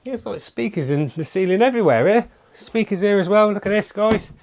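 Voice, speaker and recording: A man's voice: sits high, lively intonation, brisk, darkish tone, slight background noise. Upbeat salesman touring a lodge. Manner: upbeat sales patter, keeps addressing viewers. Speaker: holiday park salesman. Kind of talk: enthusiastic property walkthrough. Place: inside a holiday lodge, walking room to room.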